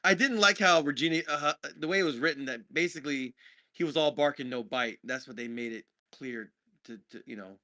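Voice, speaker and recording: A man's voice: medium pitch, brisk, bright, forceful tone. A man co-hosting a casual movie review podcast, talking in a rambling, jokey way. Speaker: podcast co-host.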